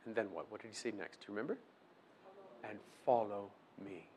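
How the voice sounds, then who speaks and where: A man's voice: on the low side, a little fast, dark tone, slight background noise. A man preaching a sermon, asking his listeners questions and acting out quoted prayers. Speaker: pastor.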